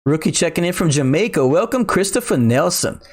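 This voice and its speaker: A middle-aged man from Louisiana with a Cajun accent, chatting casually on a crypto livestream, reading viewer comments in an excitable, slangy way. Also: a little high, a little fast. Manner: excitable, laughing, slangy, says "bruh".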